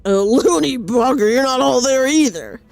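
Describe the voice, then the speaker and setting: A woman putting on the voice of a gruff, sarcastic young man. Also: sits high, lively intonation, moderate pace, crowd noise, pitched above the performer's own voice. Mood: mocking. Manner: gruff, mocking.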